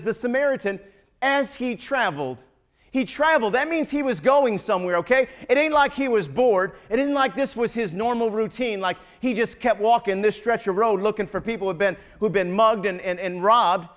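A high-pitched male pastor preaching in a church, his words tripping over repeated starts. He slides from hushed, low passages into slow, forceful climaxes. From United States. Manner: stammering repetitions, swelling to emphatic peaks. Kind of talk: sermon. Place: church sanctuary.

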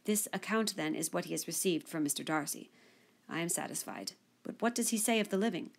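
A spirited, sharp-witted young woman speaks pointedly and articulately. Her voice sits low with some gravel. A woman reads her in an audiobook. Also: fairly quick. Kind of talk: audiobook character reading.

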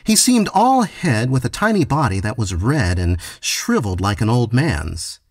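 A man giving a slow, expressive dramatic reading of a short story into a close mic. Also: medium pitch, no echo. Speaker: story reader. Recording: dry close recording.

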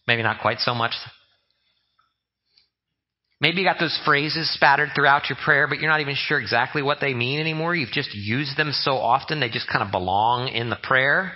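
A man's voice: medium pitch, normal speed, muffled recording. A man preaching a humorous, conversational sermon as a pastor, often mimicking the way people pray. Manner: joking, conversational, mimics prayer voices. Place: church sanctuary.

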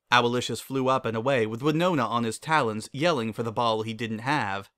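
Male narrator for a fan-fiction reading, measured and even. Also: medium pitch, clean tone.

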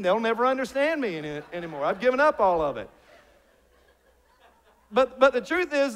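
A man preaching a sermon to his congregation, joking and asking rhetorical questions. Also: high-pitched. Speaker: pastor. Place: church sanctuary.

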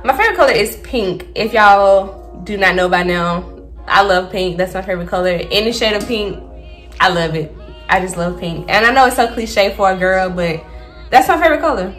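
A woman's voice: medium pitch, normal speed, fairly bright tone, soft background music. A woman of twenty-five from Alabama with a Southern accent, chatting casually through a get-to-know-me Q&A and often saying y'all. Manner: chatty, says y'all often, laughs between answers. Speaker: vlogger.

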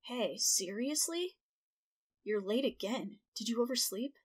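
A woman voicing a stern male senpai coworker who slowly lectures a late employee. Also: fairly high pitch, animated, husky. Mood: scolding. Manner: slow, reproachful, lecturing.

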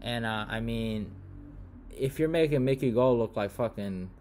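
A man's voice: medium pitch, measured pace, a little mellow. A man hosting a casual fight-prediction monologue, slangy and profane, saying bro a lot, often breaking into laughter.

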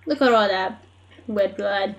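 A young Australian woman with a medium-pitched voice speaks a little slowly while live-streaming a game. She chats casually, laughs often and talks to the characters on screen as she plays.

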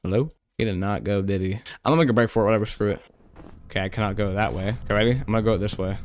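A young man casually commenting on a horror game he plays, chatty and full of slang, talking to the creatures on screen. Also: fairly low pitch. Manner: yelps and rushes when scared. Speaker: gaming YouTuber. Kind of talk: casual let's-play commentary.

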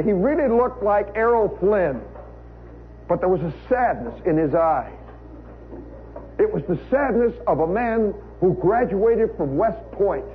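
An American man telling a humorous story in a wry, conversational way, full of asides, on a live radio show. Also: high-pitched. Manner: wry, conversational, with frequent "you know" asides. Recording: tinny 1960s radio broadcast recording, faint hiss.

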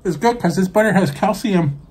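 A man's voice: high-pitched, expressive, a little fast, darkish tone, husky. Playful guy cracking jokes on a family vlog, voice goes up and down a lot. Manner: joking and playful, unscripted. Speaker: vlog co-host. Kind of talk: casual chat.

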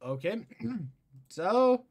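A man's voice: extremely high pitch, big pitch swings, drawn-out words, husky. Laid-back man chatting over gameplay. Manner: laughs often, swears casually. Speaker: gamer. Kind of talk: casual gameplay commentary.

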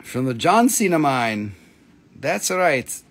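A man's voice: fairly high pitch, big pitch swings, takes it slowly, a bit bright. A man hosting a live gemstone sale stream, calling out prices in blunt, casual patter and swearing freely.

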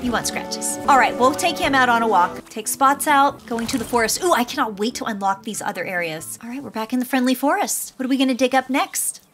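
A woman's voice: a little high, fairly quick, few pauses. A woman commentating a cozy pet game, cooing sweetly at the puppies in baby talk. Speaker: gaming YouTuber. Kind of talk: let's play commentary. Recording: game music playing behind.

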